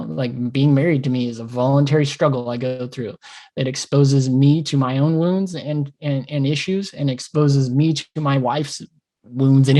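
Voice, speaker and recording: A man's voice: medium pitch, darkish tone. Guy on a podcast going off on a passionate rant, swears a bunch, acts out what he was thinking. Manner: acts out his own thoughts in quoted asides. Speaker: podcast co-host. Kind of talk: casual podcast chat.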